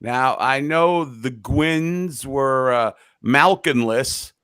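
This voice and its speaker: A man's voice: medium pitch, very slow, fairly bright tone, clear, resonant tone, no room sound, clean studio sound. A man co-hosting a sports podcast in casual chat, teasing his co-host with blunt, wisecracking remarks.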